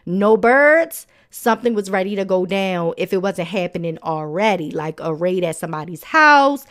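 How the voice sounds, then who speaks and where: A woman's voice: mid-range voice, lively intonation, moderate pace, a bit bright. A woman hosting a nature podcast in casual narration, chatty and playful, with frequent laughs and sassy, colloquial asides. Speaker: podcast host.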